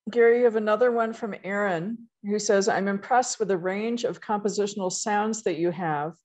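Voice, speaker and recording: A woman moderator reading audience comments and questions aloud in a measured way over a video call. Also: medium pitch, a little mellow.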